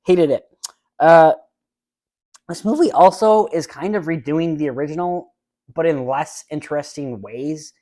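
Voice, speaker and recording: A man's voice: on the high side, unhurried, mellow. A man hosting his own solo movie review podcast, speaking bluntly and rambling in an exasperated way straight to his listeners, into his own microphone at home. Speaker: podcast host. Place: room at home with a fan.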